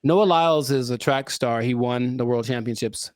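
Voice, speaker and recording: A man's voice: mid-range voice, moderate pace, clear, resonant tone, no echo, clean studio sound. A man hosting a podcast, chatting casually and riffing playfully. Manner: playful, riffing, self-correcting. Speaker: podcast host.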